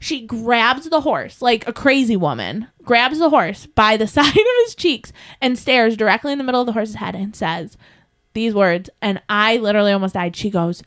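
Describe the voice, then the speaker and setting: A woman co-hosting a podcast, animated and laughing often as she tells a story, speaking close to the mic. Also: a little high, moderate pace, dry recording. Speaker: podcast co-host and horse trainer. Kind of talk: casual storytelling chat.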